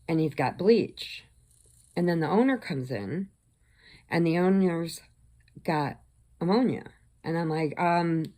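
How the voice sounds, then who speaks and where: A woman with a somewhat low voice tells a long story in a casual, rambling way, circling back and restarting her sentences. She speaks slowly and unhurriedly, like a crafting-channel host chatting with her regular viewers. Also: vocal fry, darkish tone. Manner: rambling, conversational retelling with restarts.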